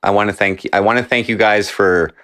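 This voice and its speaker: Low-voiced stream host, rambling. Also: male voice, fairly even intonation, a bit bright, smooth, no echo, studio quality. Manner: rambling, halting, talks to chat. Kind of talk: casual stream chat.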